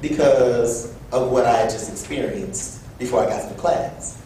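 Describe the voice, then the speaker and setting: A young man giving a personal storytelling speech at an event, animated and acting out quoted voices. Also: a little slow. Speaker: event speaker. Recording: echoey room from far off with low rumble.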